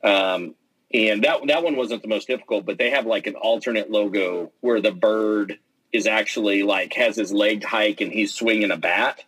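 A man being interviewed, telling stories in a casual, animated way with lots of fillers and restarts. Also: on the low side, normal speed, breathy edge, poor audio. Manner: animated storytelling, acts out quotes, many fillers and restarts. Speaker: interview guest, pennant maker and player.

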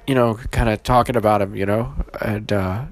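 A man hosting his own podcast, casual and halting, with many fillers and restarts, emotional and holding back tears. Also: lowish voice, steady tone. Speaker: podcast host.

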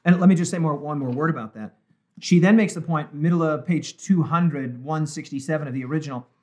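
A man with a notably high speaking voice leads a Bible study discussion as a pastor. He talks emphatically and drags out key words when he reads a quotation aloud. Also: darkish tone. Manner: emphatic, slows down to stress quoted words.

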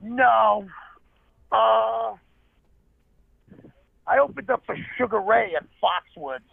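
A high-pitched man with a gravelly edge tells comedy stories with animated energy and quick asides. He sounds like he's on a tinny phone line, dry and close. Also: dry recording. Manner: animated anecdotes, fast asides. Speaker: comedian guest. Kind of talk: storytelling interview.

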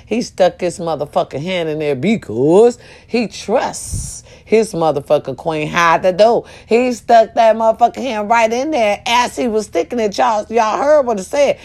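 A woman's voice: mid-range voice, lively intonation, normal speed, darkish tone. A woman talking casually to her viewers, telling a story with profanity and sudden shrieks. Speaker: vlogger.

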